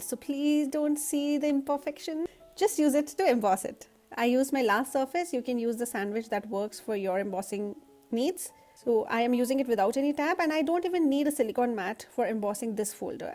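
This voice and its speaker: Husky, nasal woman craft teacher. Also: on the high side, darkish tone. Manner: friendly, step-by-step explaining. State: nasal from allergies. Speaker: card-making tutorial host. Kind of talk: voice-over craft tutorial.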